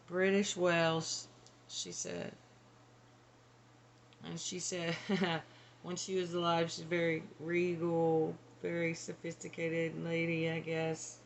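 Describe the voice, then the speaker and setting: A woman's voice: lowish voice, monotone, slow pace, a little hiss or hum. A woman working as a psychic medium, relaying channeled messages in a hesitant, tentative way. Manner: hesitant, tentative, laughs between.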